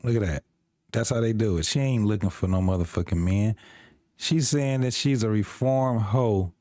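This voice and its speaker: A man's voice: on the low side, moderate pace, warm tone, dry recording, clean studio sound. Exasperated, profane man ranting. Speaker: podcast host reacting to clips. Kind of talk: profane reaction commentary.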